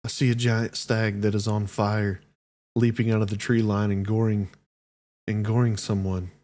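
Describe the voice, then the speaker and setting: A man's voice: lowish voice, level tone, moderate pace, darkish tone, close to an everyday voice. Man playing a frightened woman seer, panicked warnings, game voice.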